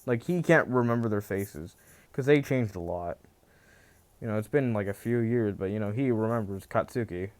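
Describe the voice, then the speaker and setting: A man's voice: on the low side, moderate pace, a little mellow. A man casually telling a fan fiction story, rambling with many restarts and filler phrases. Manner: rambling, full of "you know" and restarts.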